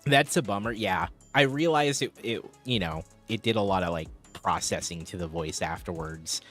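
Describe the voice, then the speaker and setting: A man's voice: low-pitched, moderate pace, fairly bright tone, soft background music. A man chatting casually on a live stream, rambling as he answers viewers' chat.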